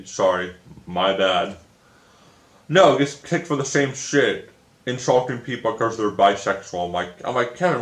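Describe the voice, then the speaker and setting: A man's voice: lowish voice, a bit bright. A young man telling a story in a casual, frustrated rant, swearing often and repeating himself. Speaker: video creator. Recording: echoey room.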